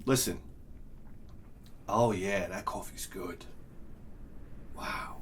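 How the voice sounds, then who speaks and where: A man's voice: on the low side, extremely slow, slight background noise. A middle-aged man vlogging casually, rambling and swinging into profane rants. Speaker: video game vlogger. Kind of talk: casual chat.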